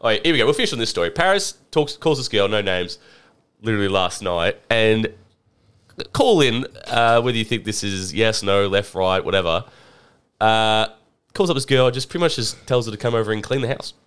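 A man's voice: on the low side, brisk, clean tone. A man co-hosting a podcast, teasing his friends in casual banter. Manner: teasing, laughing, very lively. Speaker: podcast co-host.

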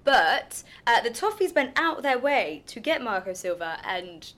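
A woman's voice: fairly high pitch, sing-song, measured pace, a bit bright. A woman hosting a casual football chat, giving her opinions in a chatty, hedging way.

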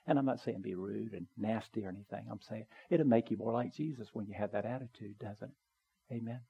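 A man preaching a sermon in a church, earnest and conversational, building to emphatic pleas and dropping to soft, quiet appeals. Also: lowish voice, a little fast, creaky, husky, highs cut off. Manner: conversational with small asides. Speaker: pastor. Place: church sanctuary, also live streamed.

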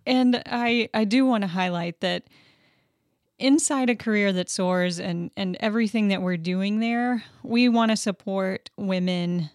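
A woman's voice: mid-range voice, a little slow, a little mellow, no echo. Affirming woman host, dry sound. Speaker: interviewer host. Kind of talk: interview hosting.

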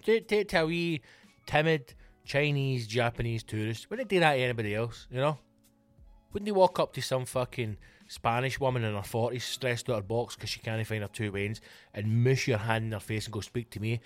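A man's voice: mid-range voice, expressive, brisk, no room sound, soft background music. A Scottish man hosting his own comedy podcast, ranting casually and swearing a lot. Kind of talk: casual solo rant.

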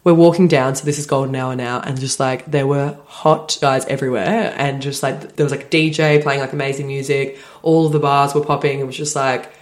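A woman's voice: extremely low pitch, fairly even intonation, brisk, hardly any pauses. A young Australian woman co-hosting a podcast, telling a story in a casual, chatty way, saying "like" often and laughing easily. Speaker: podcast co-host.

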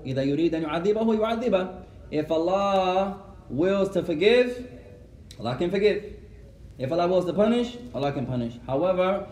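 Guy giving a mosque lesson, kinda high voice, roomy echo, sounds far from the mic. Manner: mixes Arabic phrases into English, gently instructive. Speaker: teacher answering questions.

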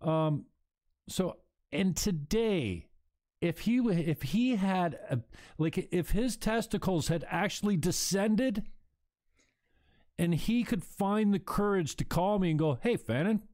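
Guy hosting a talk show, blunt and sweary, kinda higher voice, heated. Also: lively intonation, slow, darkish tone. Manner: blunt, profane and emphatic.

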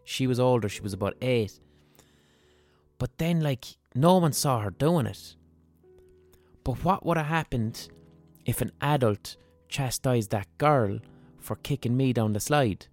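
A man's voice: mid-range voice, animated, measured pace, darkish tone, soft background music. A man hosting a podcast, telling stories in a frank, rambling monologue with plenty of swearing and restarted sentences. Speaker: podcast host. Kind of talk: candid monologue.

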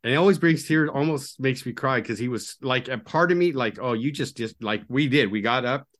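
A middle-aged man, a podcast guest and recovery coach, telling his story in an earnest, confiding way that often sinks to a low murmur. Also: brisk, a bit bright. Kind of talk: candid storytelling interview.

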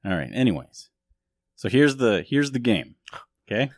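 A man's voice: mid-range voice, very animated, moderate pace, no echo, studio quality. A man hosting a podcast in casual chat, joking, self-mocking and rambling. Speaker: podcast host.

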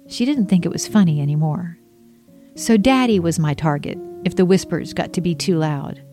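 A woman narrating her own memoir in an expressive storytelling voice. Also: fairly low pitch. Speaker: memoir author reading her book.

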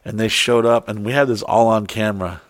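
A man's voice: lowish voice, brisk, no echo. A man telling a wild story in casual chat, swearing freely and acting out what people said. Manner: profane, excitable, acts out quotes.

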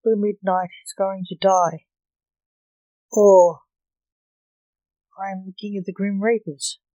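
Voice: medium pitch, level tone, slow pace, mellow, no echo, dull audio, close to an everyday voice. A reader voicing a weary male coroner who moans and complains, read in a plain storytelling voice. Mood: moaning. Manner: complaining, exasperated. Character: grumpy middle-aged male coroner, moaning and weary.

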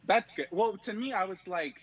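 A man's voice: sits high, expressive, normal speed, husky, dull audio. A man calling into a show on the phone, talking casually and sprinkling in lots of fillers. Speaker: caller.

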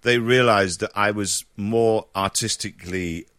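A man's voice: fairly low pitch, a little slow, fairly bright tone, dry recording, clean studio sound. A man, a guest in a casual interview, telling stories animatedly with frequent laughs and restarted phrases.

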